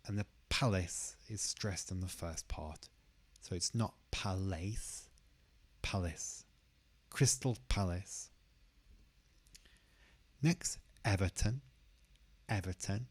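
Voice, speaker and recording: A man teaching English pronunciation, who says each word slowly and carefully and repeats it twice. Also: sits low, slightly rough. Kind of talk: pronunciation lesson.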